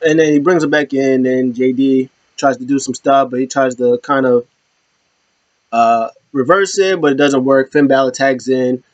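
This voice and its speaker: A man's voice: medium pitch, fairly even intonation, moderate pace, no echo, lo-fi sound. A man hosting his own show, giving a casual, rambling recap with many restarts. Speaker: show host.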